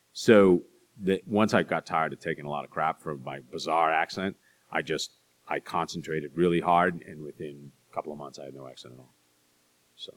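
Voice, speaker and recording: A middle-aged man, an author, answering audience questions with chatty, self-deprecating stories and quick asides. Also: extremely low pitch. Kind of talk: live Q&A storytelling.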